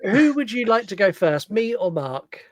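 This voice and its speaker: A chatty young man hosting a podcast and joking with his guests, his voice a little high for a man. He talks casually with plenty of ums, and his voice sounds dry and close, with no room sound. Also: very animated, moderate pace, no echo. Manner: chatty, jokey, many ums. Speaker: podcast host.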